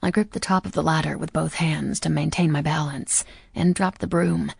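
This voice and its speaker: A woman narrating a first-person audiobook in a quiet, measured, somber way. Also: sits low, fairly even intonation, creaky, slightly rough, dry recording, clean studio sound.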